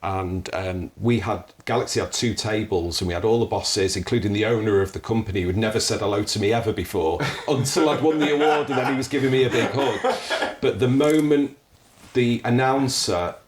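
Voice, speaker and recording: A man, a podcast guest and radio presenter, telling animated stories. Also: fairly low pitch, fairly quick, hardly any pauses, a little hiss or hum. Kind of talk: storytelling interview answers.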